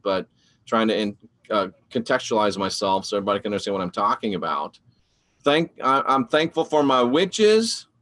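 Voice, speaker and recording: A man hosting a live online show, talking in a rambling, animated and preachy way while answering viewer comments. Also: medium pitch. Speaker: online show host reading live chat. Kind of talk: casual live-stream talk.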